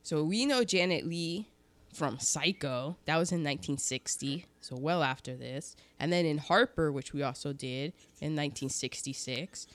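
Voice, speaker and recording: A woman co-hosting a casual film podcast, chatting through cast trivia with quick asides. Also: sits low, no echo. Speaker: podcast co-host presenting film facts. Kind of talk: casual chat about an old film.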